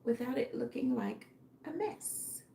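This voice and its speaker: A woman, a fashion designer, musing aloud in a casual live stream with a tired, fading voice, halting and unsure of her next step. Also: fairly high pitch, wildly swooping pitch, warm tone, slight background noise. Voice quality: gravelly. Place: home workroom. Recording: echoey room.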